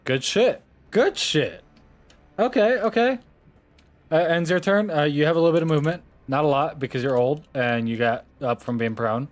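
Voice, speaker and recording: A man acting as dungeon master, running a tabletop game in a casual, quick way. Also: fairly high pitch, fairly even intonation, soft background music.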